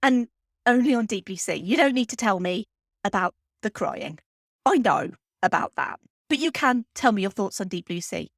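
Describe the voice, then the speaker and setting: A woman's voice: medium pitch, lively intonation, vocal fry, dry recording. Tearful woman podcast host, dry close sound. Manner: earnest and heartfelt, speaking with pauses. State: emotional, close to tears. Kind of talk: heartfelt spoken podcast tribute.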